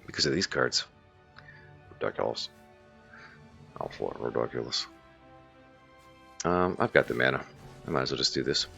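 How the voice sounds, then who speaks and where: A man's voice: extremely low pitch, lively intonation, normal speed, gravelly, long pauses, bright, forceful tone, faint music behind. A man chatting casually on a live stream as he plays a card game, loose and profane, thinking aloud.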